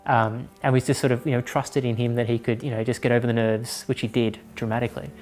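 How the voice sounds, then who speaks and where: A man's voice: mid-range voice, level tone, fast talker, darkish tone, soft background music. A man who directed the film, looking back candidly on casting in a documentary interview. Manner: reflective, candid recollection.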